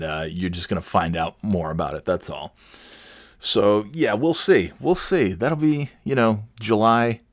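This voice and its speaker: A man's voice: low-pitched, no echo, studio quality. A man hosting a casual solo monologue, talking in a sarcastic, rambling way with many fillers and restarts.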